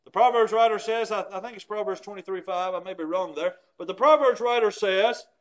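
Preacher, male, very high voice, emphatic teaching sermon delivery. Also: a little fast. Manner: emphatic, explains scripture with everyday examples.

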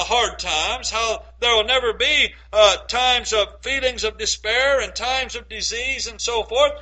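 A man preaching a sermon and reading scripture aloud, emphatic, stretching key phrases slowly and putting rhetorical questions to his listeners. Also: high-pitched, pushed and bright, rough recording. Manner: asks the congregation rhetorical questions.

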